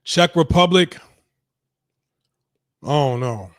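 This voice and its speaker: A man's voice: a little high, animated, slow pace, no echo, studio quality. A young man giving casual reaction commentary as a show host, blunt, profane and dismissive. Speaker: streaming talk show host.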